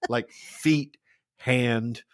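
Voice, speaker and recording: A man's voice: mid-range voice, extremely slow, dry recording, studio quality. A man in his forties co-hosting a podcast in casual chat, swearing freely and joking around. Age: 40s. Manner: swears freely, jokey and animated. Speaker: podcast co-host.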